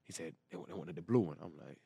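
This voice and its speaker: Fast-talking man telling a story. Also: sits low, vocal fry, slightly rough, no echo, studio quality. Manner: animated, quick storytelling with slang and repeated quotes. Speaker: guest. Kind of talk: casual storytelling.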